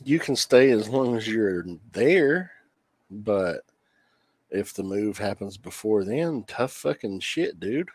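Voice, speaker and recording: A man co-hosting a podcast, making slow, dry, teasing remarks in a casual chat. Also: on the low side, animated, slightly rough, dry recording. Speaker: podcast co-host.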